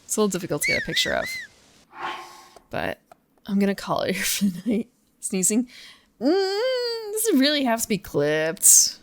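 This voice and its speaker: Chatty woman streamer with a gravelly edge. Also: a little high, wildly swooping pitch, moderate pace, long pauses, slight background noise. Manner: musing, chatty, laughs often; talks to chat between gameplay. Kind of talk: casual live-stream chat while gaming.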